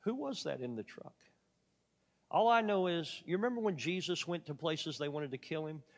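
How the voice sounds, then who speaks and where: A man preaching a sermon, telling a story dramatically and swinging from loud emphatic peaks to quiet asides. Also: on the high side, expressive, moderate pace, in a large hall.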